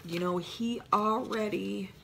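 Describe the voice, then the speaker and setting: Slow and creaky, with a medium-pitched, slightly bright voice and fairly even intonation, an older woman rambles warmly on her planner vlog while decorating pages, drifting into asides. Slight background noise is audible.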